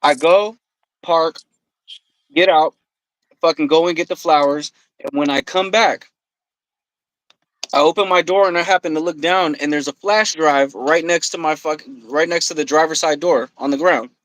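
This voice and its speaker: Man, podcast guest, casual storytelling, profane, animated quoting, slightly high pitch, dry close mic. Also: moderate pace, dry recording, poor audio. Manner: profane, animated, quotes himself and others. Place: podcast studio.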